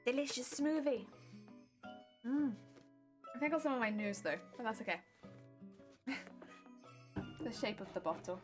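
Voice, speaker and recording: A young British-born woman streams herself sewing, talking to herself in a light, fairly high voice. She coaxes herself along and giggles through the tricky parts. Music plays clearly underneath the whole time. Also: animated, normal speed, long pauses. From United Kingdom. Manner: chatty, self-talking, giggly while working. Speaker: cosplay streamer. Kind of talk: casual sewing stream chat.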